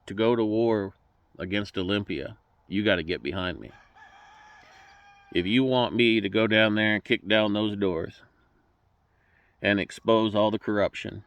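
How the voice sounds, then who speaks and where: An emotional man speaking as a political candidate, folksy and fervent, often repeating words as he restarts. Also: fairly low pitch. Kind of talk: direct-to-camera campaign address.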